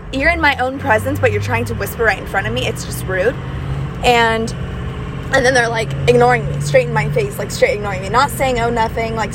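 A young woman telling a story in a rambling, frank way, full of fillers and swearing, while riding in a moving car. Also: on the high side. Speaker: vlogger. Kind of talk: casual storytelling rant. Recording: loud car engine noise. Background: car engine hum.

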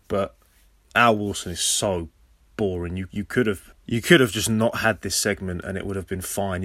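An English man hosting a casual podcast recap, sarcastic and swearing freely, with sudden loud high outbursts. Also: no room sound, clean studio sound. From England. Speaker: podcast host.

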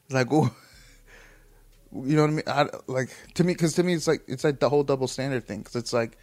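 A man talks in a casual, unscripted monologue at an ordinary middle pitch. He rambles, swears freely and often stops mid-phrase to restart. He chuckles through the telling. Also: fast, darkish tone.

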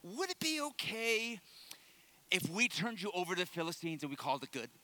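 A preacher doing a timid, pleading crowd voice. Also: male voice, high voice, very animated, a little fast, bright, forceful tone, full character voice. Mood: meek pleading. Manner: meek, hesitant, then blunt.

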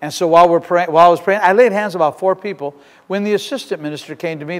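A man preaching a sermon as pastor, telling a story in an animated way that swings between loud and hushed. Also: fairly high pitch, fast. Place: church sanctuary. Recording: long church reverb. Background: congregation shouting.

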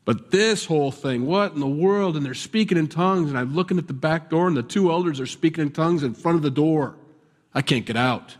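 A man preaching a conversational sermon, animated and self-deprecating, swinging between loud bursts and quiet asides. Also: on the high side, a little fast. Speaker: pastor. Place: church sanctuary. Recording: church sanctuary with long reverb.

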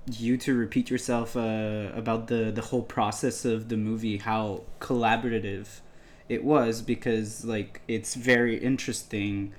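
A man interviewing a guest, asking long, halting questions full of stammers and "like". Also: on the low side, level tone. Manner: halting, stammering, heavy use of "like".

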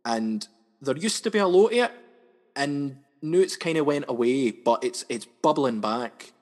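A young Scottish man, a sketch comedian, chats freely as an interview guest and often stumbles and repeats himself. His voice sits at an ordinary pitch. It rings out with a long hall reverb. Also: expressive, moderate pace. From Scotland, West Coast. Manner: chatty, repeats words and restarts often. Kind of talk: casual interview chat.

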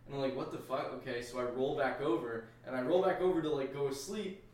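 A man's voice: medium pitch, fast, darkish tone. A man co-hosting a podcast, telling a story casually and rambling, with lots of swearing. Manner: profane, rambling, acts out his own reactions. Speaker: podcast co-host, Army veteran. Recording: echoey room, distant mic.

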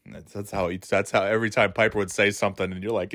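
A man talking on his own podcast in a loose, rambling way. He drops swear words freely and breaks into laughter. His pitch sits in an ordinary middle range. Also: brisk, few pauses. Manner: rambling, profane, laughing often. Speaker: podcast host. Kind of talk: casual solo chat.

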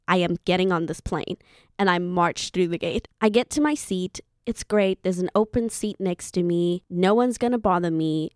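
A young woman in her twenties from Zimbabwe tells a personal story in a chatty, playful way, often turning to the listener with asides. Her voice sits at a middling pitch. It is recorded close and dry, with no room echo. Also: a little mellow. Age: 20s. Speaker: vlogger. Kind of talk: casual storytelling.

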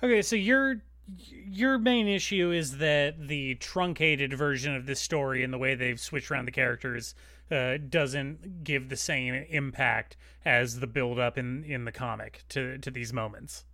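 A male co-host whose voice comes across bright and a little tense. He is recorded dry and close, with no room sound. He chimes in with short, wry comments in casual podcast chat. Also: medium pitch, measured pace, dry recording.

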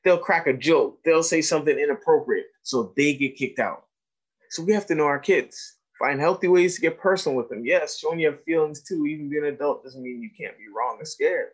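A man's voice: a little high, brisk, breathy edge, low-quality recording. A man giving a training talk to educators, telling classroom stories and asking his audience questions. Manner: animated storyteller, asks the audience questions. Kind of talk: lecture to teachers with told stories.

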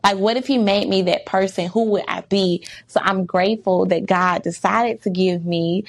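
A woman's voice: medium pitch, steady tone, unhurried, creaky. A woman vlogging in casual monologue, emphatic and candid, firing off rhetorical questions. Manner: candid, reflective, faith-centered. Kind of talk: casual talking-to-camera monologue.

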